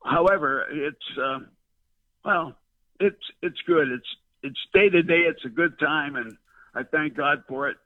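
An older man, a veteran broadcaster, rambles through his memories with fillers and restarts. His fairly high voice comes over a thin, phone-like line. The sound is dry and close. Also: measured pace, no room sound. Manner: storyteller, many fillers and restarts. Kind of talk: rambling reminiscing interview.

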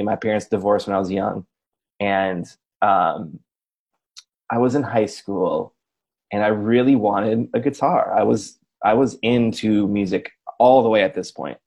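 Man in his 40s, low husky voice, casual podcast storyteller with a rambling, self-mocking delivery. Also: a little mellow. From Racine, Wisconsin, USA. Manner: rambling, self-deprecating, full of asides like "you know" and "right?". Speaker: podcast co-host, radio personality.

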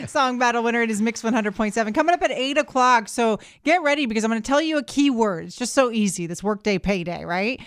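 A woman's voice: on the high side, quick pace, no room sound. A woman hosting a morning radio show, bubbly and teasing, laughing often as she chats in a studio. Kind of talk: casual radio banter. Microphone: studio microphone.

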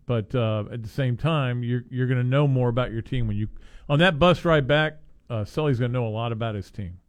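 A man hosting casual sports talk, rambling with many restarts and growing excitable as he recounts a game. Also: mid-range voice, brisk. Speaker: sports radio host.

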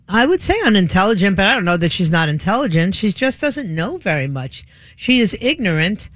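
A woman's voice: medium pitch, dry recording, clean studio sound. Sarcastic woman talk radio host. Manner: sarcastic, scoffing, laughs at the news. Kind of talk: opinionated talk radio monologue.

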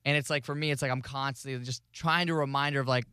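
A young man in casual podcast chat, reflecting out loud in a rambling way with lots of filler words. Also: mid-range voice, quick pace, hardly any pauses, clear, resonant tone, dry recording, clean studio sound.

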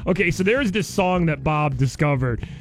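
A man's voice: a little high, animated, normal speed. A man hosting a morning radio show, upbeat, reading listener tweets aloud in casual banter on a studio mic. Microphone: studio microphone.

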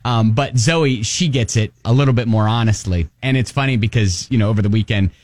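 A man's voice: on the low side, brisk, a little mellow, dry recording. A middle-aged man with a Kentucky accent hosting a casual morning radio chat, rambling with fillers and laughs. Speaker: radio show host. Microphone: studio mic.

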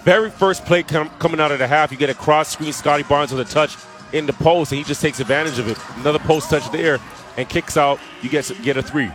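A man's voice: on the high side, fairly quick, fairly bright tone, faint music behind. A man giving casual color commentary on a basketball game, peppered with asides. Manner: conversational analysis with filler asides.

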